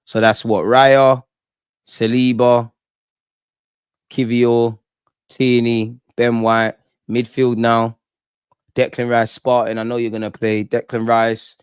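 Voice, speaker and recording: A man's voice: mid-range voice, slow pace, pauses often, clear, resonant tone, dry recording. Brief: young male host, fired-up live reaction rant, slang and swearing, dry close sound. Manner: excitable, slangy, swears, reads chat aloud. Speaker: football fan channel host. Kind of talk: live post-match reaction stream.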